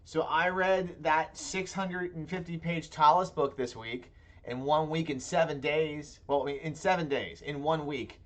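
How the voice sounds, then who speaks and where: A man's voice: on the high side, measured pace. A man co-hosting a casual talk show, rambling playfully and trailing off into mumbles. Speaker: podcast co-host. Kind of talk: casual chat.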